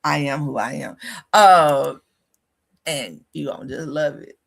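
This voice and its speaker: A woman hosting a livestream, coaching listeners in a lively, sassy way with frequent laughs. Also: sits low, measured pace, gravelly. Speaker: host. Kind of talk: casual livestream coaching talk.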